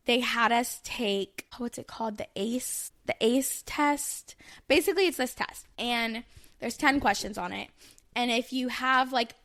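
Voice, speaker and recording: A woman in her thirties shares her own story in a loose, candid podcast chat. Her voice sits a little high, and she rambles with plenty of fillers and restarts. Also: creaky, a bit bright. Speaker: podcast co-host. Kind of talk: casual personal storytelling.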